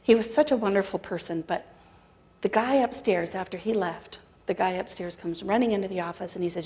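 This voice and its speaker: A middle-aged American woman giving a spiritual talk, telling a story in a conversational, animated way and acting out the dialogue. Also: mid-range voice, brisk. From United States. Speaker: spiritual practitioner speaker. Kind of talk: sermon storytelling.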